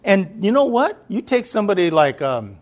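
With a high, very animated voice at a moderate pace, a man gives a sermon that feels conversational. He repeatedly checks whether people are following, then surges into loud, emphatic preaching.

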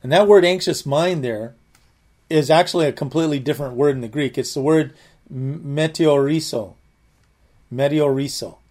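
A man's voice: a little high, a little fast, darkish tone. A man giving conversational Bible teaching, earnest, often repeating and restarting his words.

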